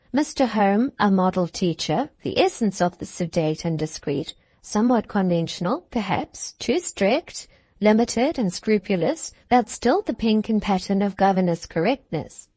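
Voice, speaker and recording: A woman narrating a classic novel in the first person, measured and even. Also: mid-range voice, no room sound. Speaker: audiobook narrator.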